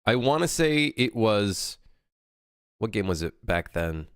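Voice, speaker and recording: A man's voice: fairly low pitch, sing-song, slow pace, clean tone, no room sound, studio quality. A man in his late twenties, a game developer chatting casually on a livestream as he works, reading chat aloud and rambling with plenty of swearing. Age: late 20s.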